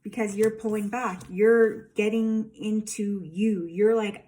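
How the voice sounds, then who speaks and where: A woman's voice: mid-range voice, fairly even intonation, slow pace, few pauses, mellow. A woman giving a casual tarot reading, emphatic and rambling, with lots of fillers. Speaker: tarot reader.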